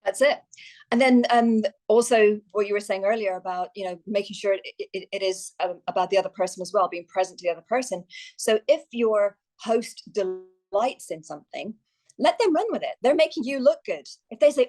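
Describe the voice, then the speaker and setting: A woman's voice: mid-range voice, normal speed. Irish woman, success coach, podcast guest, enthusiastic and chatty. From Ireland. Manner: enthusiastic, animated, many fillers and restarts. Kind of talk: podcast interview.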